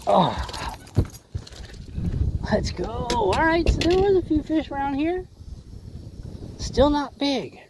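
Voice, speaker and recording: Slangy animated man on a boat. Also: very high voice, takes it slowly, pauses often, background noise. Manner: slangy, rambling, jokey, says "bro" and "boys" a lot. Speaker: fishing livestream host. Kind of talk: casual livestream chat while fishing. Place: small boat on a windy lake.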